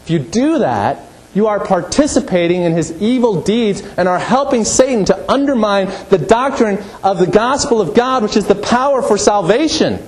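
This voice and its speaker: Brief: pastor, man, fairly high voice, emphatic preaching with sharp drops. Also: animated, moderate pace, rough recording. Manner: emphatic, rising to forceful peaks, then dropping low. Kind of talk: sermon.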